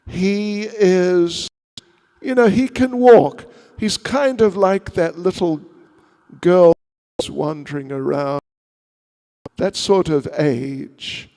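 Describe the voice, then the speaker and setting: A monk tells a story to his congregation with a playful manner and chatty asides. His voice sits high and carries a gravelly texture. The recording has a long hall reverb. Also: a little mellow. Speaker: monk giving a seminar. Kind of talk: storytelling sermon.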